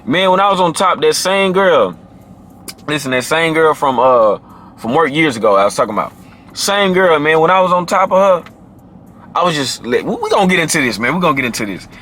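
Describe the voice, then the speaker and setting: A man's voice: expressive, fairly quick, bright, forceful tone, slight background noise. Emphatic slangy man giving dating advice. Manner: emphatic and slangy, often adds "man" and "you feel me"; drops into a deep, low voice when demonstrating. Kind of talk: casual direct-to-camera advice talk.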